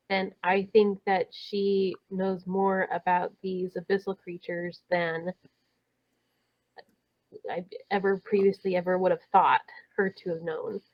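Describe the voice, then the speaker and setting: Unhurried woman player on a dull mic. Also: mid-range voice, no room sound. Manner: playful, laughing, thinks aloud. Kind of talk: tabletop game chat.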